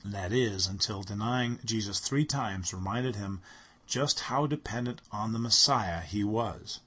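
A man's voice: lowish voice, a little slow, sharp tone, slightly rough. A man delivering a sermon, speaking earnestly and reading scripture aloud with rising emphasis. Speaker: preacher.

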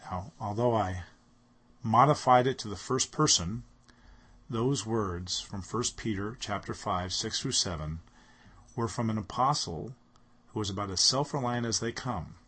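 A man's voice: lowish voice, measured pace, a bit bright, slightly rough. A man delivering a sermon, speaking earnestly and reading scripture aloud with rising emphasis. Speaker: preacher.

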